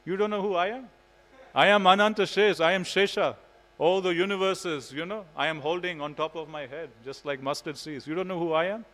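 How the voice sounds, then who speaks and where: A man's voice: mid-range voice, level tone, brisk, hardly any pauses, natural voice. A man voicing the boy Balram as a protective elder brother who scolds and boasts, in a reverberant temple hall. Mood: boastful. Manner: scolding, exclaiming.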